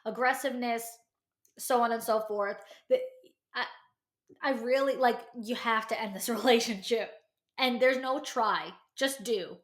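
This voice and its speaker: Young woman host, blunt tough-love advice, fairly high voice, echoey room. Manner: blunt tough-love delivery, emphatic repetition. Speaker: podcast host giving advice. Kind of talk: solo advice podcast.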